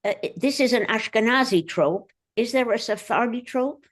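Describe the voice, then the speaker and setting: A woman student asking the teacher a question in a soft, tentative way. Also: a little high, moderate pace.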